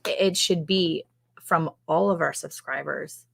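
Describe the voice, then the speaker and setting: A woman in her forties with a low, gravelly voice, co-hosting a casual livestream. She is chatty and quick to answer back, and pokes fun at herself. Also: fairly bright tone. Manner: chatty, quick back-and-forth, self-teasing. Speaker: livestream co-host.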